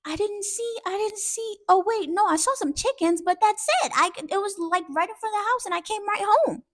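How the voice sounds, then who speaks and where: Brief: a woman playing a scared young boy, pitched up high, stammering, pleading and tumbling over his words. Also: brisk. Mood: flustered. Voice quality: stammering, panicky.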